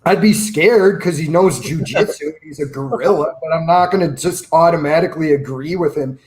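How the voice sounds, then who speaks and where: Man, finance youtuber, slightly high voice, opinionated, casual chat. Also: a little fast, a little mellow. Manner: opinionated, storytelling with quoted asides.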